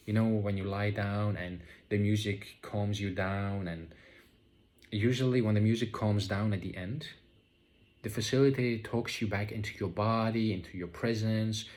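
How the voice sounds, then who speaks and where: A man talking slowly and reflectively about his spiritual experiences, pausing often and restarting his sentences. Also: lowish voice. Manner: slow, searching, full of fillers and restarts. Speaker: vlogger sharing spiritual experiences. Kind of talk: reflective casual monologue.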